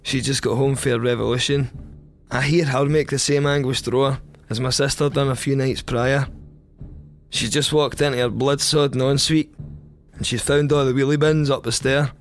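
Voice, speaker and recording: A young Scottish man telling a crude first-person comic story in a wry, deadpan way. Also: medium pitch, moderate pace, faint music behind. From Scotland. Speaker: podcast storyteller.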